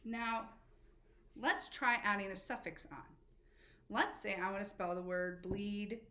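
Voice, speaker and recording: A woman teacher giving a spelling lesson to children, patient and encouraging, slowly spelling letters out. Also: mid-range voice, sharp tone. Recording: echoey room with faint background noise.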